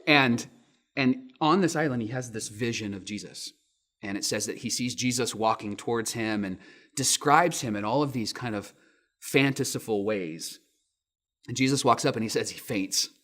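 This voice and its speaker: A man in his thirties, a pastor giving a sermon with lively storytelling, acting out quotes in raised voices. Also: medium pitch, normal speed.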